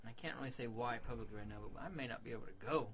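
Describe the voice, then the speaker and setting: A man co-hosting a podcast in casual chat, laughing often and throwing in quick crude jokes. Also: mid-range voice, fairly bright tone, slight background noise. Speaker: podcast co-host.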